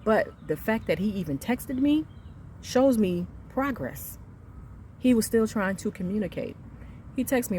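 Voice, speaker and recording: A woman in her thirties telling an angry story about her son's school, emphatic and reenacting the conversations, swinging between quiet and loud. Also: mid-range voice, animated, measured pace, slight background noise. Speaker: mother venting on her channel. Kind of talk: heated storytelling rant.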